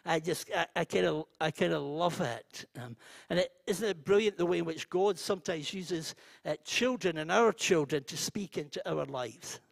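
Middle-aged male preacher, gravelly and slow, soft hesitant sermon delivery, dry close sound. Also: fairly high pitch, dry recording. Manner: gentle, hesitant, drops to near whisper.

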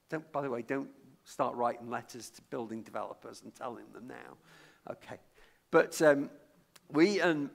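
A man's voice: mid-range voice, gravelly, a bit bright. A middle-aged man from Lancashire, England, preaching a sermon in a chatty way: he tells a story from his childhood, often repeats words mid-sentence, and asks the congregation to call out guesses. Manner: conversational, stumbles and repeats words, draws the congregation in with questions.

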